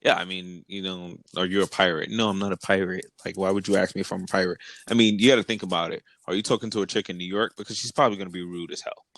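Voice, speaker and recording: A man co-hosting a podcast in casual chat, laid-back and quick to agree. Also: low-pitched, level tone, fairly bright tone, no echo. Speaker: podcast co-host.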